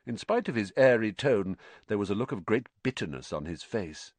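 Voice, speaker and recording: A man with a somewhat low voice narrates an audiobook, his pitch ranging lively over the lines. He tells the story expressively. The recording is dry and close-miked. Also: normal speed, few pauses, breathy edge, no room sound. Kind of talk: scripted narration.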